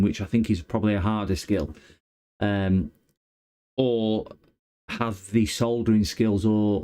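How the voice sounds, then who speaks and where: A man's voice: lowish voice, warm tone. A man chatting casually on a repair livestream, rambling and hesitant with many fillers. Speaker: electronics repair streamer.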